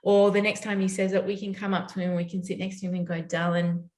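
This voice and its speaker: A woman's voice: medium pitch, level tone, fast talker, a little mellow. A woman giving a conversational parenting talk, often asking "right?" to check in with her listeners. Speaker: parenting educator. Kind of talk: summit talk. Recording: roomy echo.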